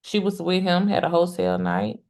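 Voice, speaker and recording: A woman hosting a casual live stream about a court case, chatty and exclamatory, speaking straight to her viewers and often pausing with "um" and restarting. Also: lowish voice, big pitch swings, darkish tone. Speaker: trial commentary host.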